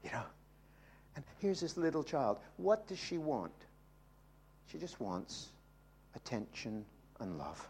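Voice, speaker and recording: An older man preaching a sermon, moving from soft, quiet asides to loud, emphatic peaks. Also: mid-range voice, big pitch swings, takes it slowly, pauses often, a little hiss or hum. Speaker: pastor.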